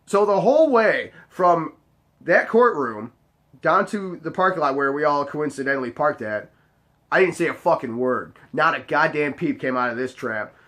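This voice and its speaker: A man hosting a storytelling vlog, animated and full of swearing. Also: on the high side, normal speed. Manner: profane, animated, mock-weary. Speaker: host.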